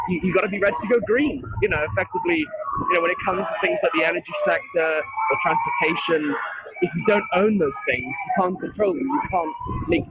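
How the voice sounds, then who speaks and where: A man's voice: fairly high pitch, muffled recording, background noise. A man answering an off-the-cuff street interview at an outdoor march, hesitant and full of fillers. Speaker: interviewed activist.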